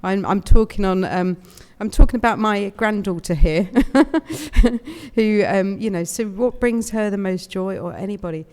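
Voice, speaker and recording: A roughly fifty-year-old British woman from the UK, guest speaking at a spiritualist service, gives an emotional, chatty, inspiring talk and laughs often. Her medium-pitched voice is expressive, a little mellow, and a little slow. It's captured in a large indoor hall with a live room and long reverb.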